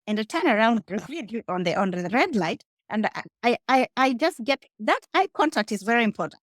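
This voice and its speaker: A woman's voice: fairly high pitch, expressive, a little fast, no room sound, clean studio sound. A woman with a Kenyan accent, a guest speaking emphatically in a casual interview and addressing the listener directly. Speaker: guest, rideshare entrepreneur.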